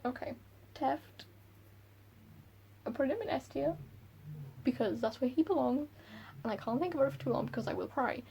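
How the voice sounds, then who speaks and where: A woman book vlogger chatting casually and excitably about characters she loves and hates. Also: high voice, creaky, slight background noise, poor audio. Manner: gushing, excitable, quick laughs. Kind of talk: casual chat.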